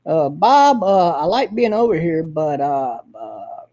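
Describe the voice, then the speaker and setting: A man putting on a halting, mumbling voice of an adult male friend who stalls on every word. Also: on the high side, very animated, warm tone. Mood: hesitant. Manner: slow, hesitant, full of "uh" and "um". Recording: dull lo-fi audio.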